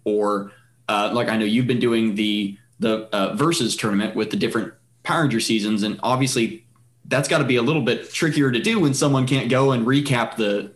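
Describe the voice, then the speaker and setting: Rambling male podcast host. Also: on the low side. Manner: rambling, many fillers and restarts. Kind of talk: casual podcast chat.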